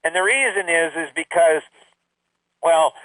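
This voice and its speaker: An older man giving his grandchildren a rambling, emphatic life lesson, with sudden high exclamations. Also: measured pace, sharp tone, dry recording, recorded from a distance, low-quality recording. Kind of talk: casual recorded talk to family.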